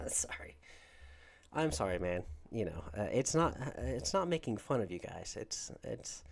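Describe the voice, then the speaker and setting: A man's voice: on the low side, sing-song, normal speed, gravelly, few pauses, a little hiss or hum. A man from Georgia with a Southern accent, hosting a casual livestream and chatting with viewers in a rambling way. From Georgia, USA. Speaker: livestream host.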